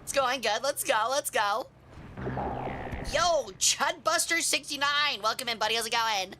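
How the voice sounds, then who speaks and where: A young woman streaming a tank game, chatting with viewers and swearing excitedly as she plays. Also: high-pitched, unhurried, a little hiss or hum. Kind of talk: casual live gameplay commentary.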